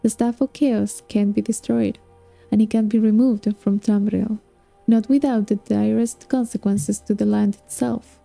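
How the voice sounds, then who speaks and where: A woman reading aloud and voicing a clever young queen who speaks in a measured, pointed way with a slow, warm, gravelly tone. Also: medium pitch, steady tone, dry recording, faint music behind. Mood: cool.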